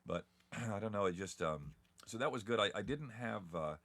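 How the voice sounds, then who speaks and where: A middle-aged man from Southern Ohio with a faint Appalachian accent and a deep, gravelly, slightly congested voice, chatting in a relaxed, rambling way as an interview guest. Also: normal speed. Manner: relaxed, rambling storyteller with chuckles. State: a bit congested. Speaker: guest, TV announcer. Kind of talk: casual interview chat.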